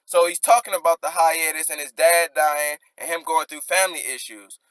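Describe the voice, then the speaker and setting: A man with a fairly high, bright, forceful voice talks through rap lyrics line by line in casual slang. He rereads each bar and then explains it. The sound is dry and close. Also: steady tone, normal speed, smooth, dry recording. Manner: rereads lines, then unpacks them with loose slang. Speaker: rap commentator.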